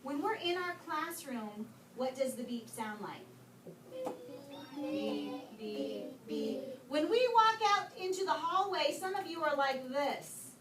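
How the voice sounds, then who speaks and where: A woman teacher coaxing young pupils through a writing lesson, asking questions and reading words aloud slowly. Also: sits high, animated, over music. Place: classroom. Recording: roomy, distant, noisy classroom.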